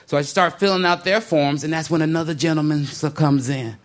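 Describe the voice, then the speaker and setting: A man doing a stand-up comedy set, telling his story in a laid-back way with sudden high-pitched outbursts. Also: a little fast. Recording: live comedy club with crowd laughter and noise.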